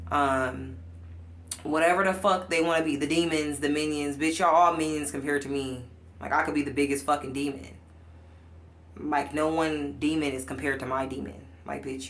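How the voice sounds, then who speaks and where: A woman life coach in a casual vlog rant, talking bluntly and profanely, swinging between loud outbursts and low muttering. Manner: blunt, profane, emphatic ranting.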